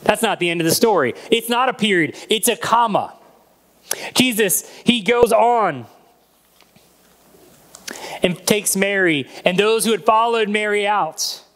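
A man's voice: high voice, measured pace, pauses often, a bit bright. A man preaching a sermon as a pastor, retelling a Bible story and acting out the voices in it.

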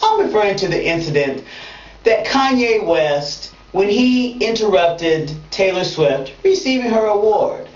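A woman delivers a comedic monologue from a bathtub, her pitch jumping around as she swings from playful to mock outrage. The sound is roomy and bounces off bathroom walls. She sits back from a dull, lo-fi mic. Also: animated, a little slow, darkish tone, recorded from a distance. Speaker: comedic web show host.

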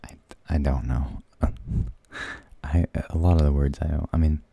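Very deep-voiced soft-spoken man. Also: steady tone, measured pace, vocal fry, slightly rough, dry recording. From United States. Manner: soft, hesitant, half-whispered, searching for words. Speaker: ASMR channel host. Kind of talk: soft-spoken ASMR rambling.

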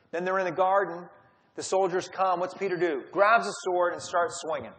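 Man teaching a Bible study, casual storyteller, slightly high voice, long hall reverb. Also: moderate pace, fairly bright tone. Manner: storytelling, acts out quotes.

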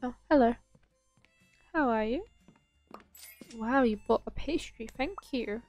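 A woman's voice: a little high, slow, a little mellow, faint music behind. Young woman chatting over a bakery game. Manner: chatty, talking to herself and in-game customers. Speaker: gaming channel host. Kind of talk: casual gameplay commentary.

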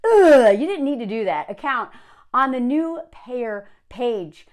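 A woman's voice: on the high side, animated, takes it slowly, a little mellow. A woman giving sarcastic reaction commentary on a story she reads aloud. She gets worked up as she talks. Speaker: video commentator.

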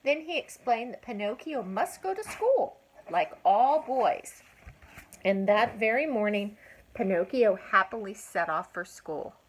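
An older woman, a grandmother, reading a children's story aloud with expressive, drawn-out emphasis and asides to a child. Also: mid-range voice, breathy edge, low-quality recording.

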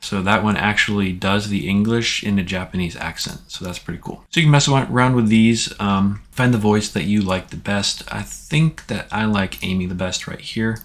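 A man hosting a tech tutorial, giving relaxed, plain step-by-step instructions in a casual way. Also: fairly low pitch, normal speed, few pauses.

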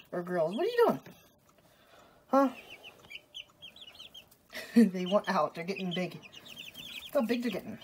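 A woman talking in a casual, rambling way as she films a daily vlog at home, with plenty of "like" and loose asides. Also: mid-range voice. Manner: chatty and rambling, full of "like". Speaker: daily vlogger. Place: home indoors, rainy day.

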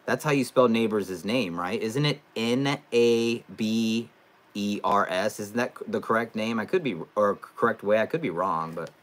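Young guy from california doing a fan live stream, kinda low voice, chats loose then gets hyped. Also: moderate pace. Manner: loose and chatty, with bursts of loud excitement. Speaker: live streamer, sports fan channel host. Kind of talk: casual live stream chat, reading comments.

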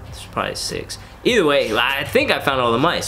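A man in his thirties telling a personal story in a rambling, casual way, full of fillers and relaxed slang. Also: a little high, fairly quick, music in the background. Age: 30s. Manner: rambling, filler-heavy, laid-back slang. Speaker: reptile keeper and vlogger.

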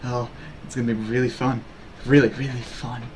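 A man's voice: mid-range voice, flat delivery, normal speed, darkish tone, slight background noise. A young man with a sore throat chatting casually to his livestream viewers, rambling and repeating fillers. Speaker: streamer.

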